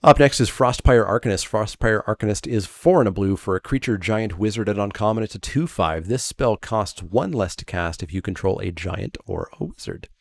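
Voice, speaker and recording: Low-voiced man, chatty card game reviewer. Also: expressive, moderate pace, gravelly, hardly any pauses, no room sound. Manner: chatty and loose, with fillers and self-corrections; laughs at his own remarks. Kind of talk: casual draft set review.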